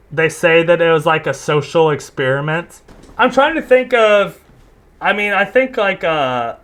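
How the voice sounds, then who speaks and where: A man with a fairly high voice gives casual reaction commentary. He talks bluntly, with sarcasm and plenty of swearing. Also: fairly bright tone. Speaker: commentary host.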